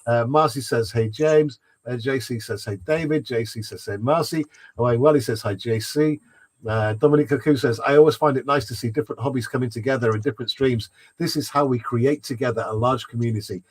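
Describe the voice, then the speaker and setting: A man's voice: medium pitch, fairly quick. A man hosting a livestream, reading chat messages aloud with frequent laughs and fillers. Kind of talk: casual chat.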